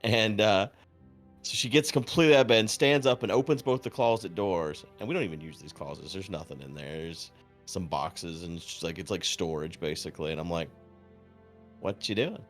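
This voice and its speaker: A low-voiced man chats briskly on his stream, telling a long story in a dry, deadpan, heavily profane way. He performs the voices of the people involved, with soft music playing faintly behind.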